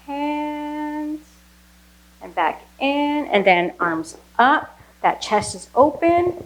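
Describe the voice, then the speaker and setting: Slow-talking woman teaching flamenco. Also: mid-range voice, rough recording. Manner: coaching, counts beats aloud; relaxed explaining, slow with fillers. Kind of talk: dance lesson instruction.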